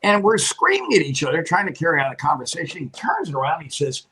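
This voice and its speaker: A man's voice: a little high, huge pitch swings, quick pace, bright, forceful tone, breathy edge, rough recording. An older man, a retired TV weatherman, telling long rambling anecdotes in casual chat and laughing often. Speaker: guest, retired TV meteorologist.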